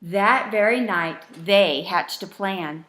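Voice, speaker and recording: A woman reading a rhyming bedtime storybook aloud with a gentle, rhythmic delivery. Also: medium pitch, takes it slowly, noisy background.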